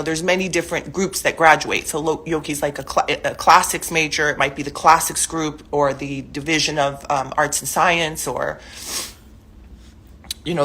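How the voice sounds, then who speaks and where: A middle-aged woman talks straight into her own camera at home, her voice husky and pitched on the low side. She speaks heatedly and with emotion, wandering through her points with plenty of fillers. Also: fairly bright tone. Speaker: mother speaking out publicly. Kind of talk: emotional direct-to-camera statement. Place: her own living room, indoors. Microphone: self-recorded camera video.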